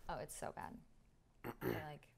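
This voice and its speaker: A woman in her twenties, a podcast guest, chatting casually with many "like"s and "um"s. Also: normal speed. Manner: chatty, lots of "like" and "um". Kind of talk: casual interview chat.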